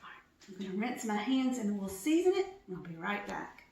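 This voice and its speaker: A woman's voice: medium pitch, big pitch swings, a little fast, darkish tone, very echoey, recorded from a distance, poor audio. A woman giving a casual cooking demonstration in her home kitchen, chatty and self-mocking, laughing often. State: teary from chopping onions.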